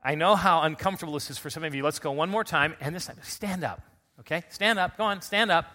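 A middle-aged pastor, recovering from a recent illness, preaches an earnest Easter sermon to his congregation and builds to loud, emphatic calls. His voice is on the high side and fast.

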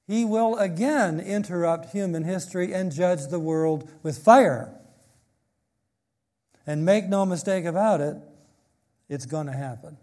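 A man's voice: a little high, dark tone. A man preaching an expository sermon, reading scripture aloud and explaining it with emphasis.

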